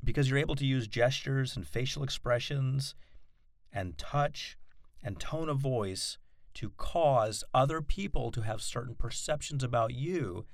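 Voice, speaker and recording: A man teaching a recorded self-help course, explaining techniques in a measured way and stressing key words. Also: medium pitch, no echo, studio quality. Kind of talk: recorded audio lesson.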